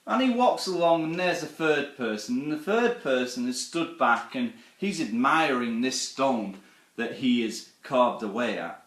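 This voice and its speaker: A man's voice: mid-range voice, lively intonation, measured pace, fairly bright tone. A man giving a live online presentation, earnestly telling a story and asking his audience rhetorical questions. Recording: roomy echo.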